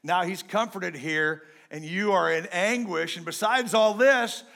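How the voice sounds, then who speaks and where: A man voicing a calm fatherly old patriarch. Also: sits high, a little slow, vocal fry, full character voice. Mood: firm.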